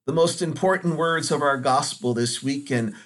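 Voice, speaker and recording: A man speaking as a Catholic priest, giving a Sunday homily in an earnest, measured way with dramatic pauses. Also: fairly high pitch, a bit bright.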